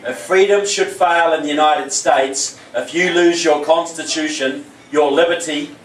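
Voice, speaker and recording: Kiwi-accented male keynote speaker, joking then earnest, slightly high voice, far off in a big echoey room. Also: fairly even intonation, measured pace. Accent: New Zealand. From New Zealand. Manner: jokey, storytelling, earnest. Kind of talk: political rally speech.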